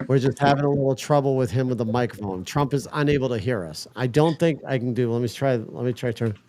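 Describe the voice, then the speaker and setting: A man's voice: mid-range voice, quick pace, dark tone, slight background noise. A man hosting a casual livestream, talking to his chat while he fixes a setup and swearing now and then in frustration. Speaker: livestream host.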